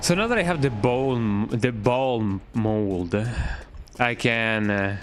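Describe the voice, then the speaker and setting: Guy streaming a game, joking around and rambling, mid pitch, bit of faint noise behind. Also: slow. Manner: rambling, jokey, tags lines with "eh". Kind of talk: casual gameplay chat.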